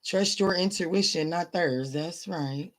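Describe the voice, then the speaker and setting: Speaking slowly with a fairly low pitch, a woman reads tarot on a live stream in a casual, blunt, profane way. She addresses viewers as baby and honey and emphatically repeats her points.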